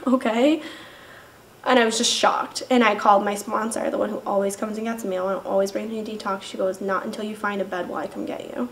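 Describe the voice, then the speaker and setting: A young woman giving a personal testimony in an emotional, halting way, saying "like" again and again. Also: mid-range voice, fairly even intonation, creaky. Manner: emotional, halting storytelling, says "like" constantly. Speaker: interviewee sharing recovery testimony. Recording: distant mic with faint background noise.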